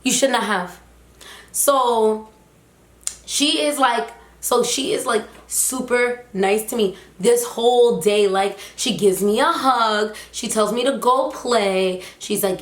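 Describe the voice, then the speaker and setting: A young woman vlogger telling a story in a casual, animated, slangy and emphatic way. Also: fairly high pitch, slow pace. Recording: roomy echo.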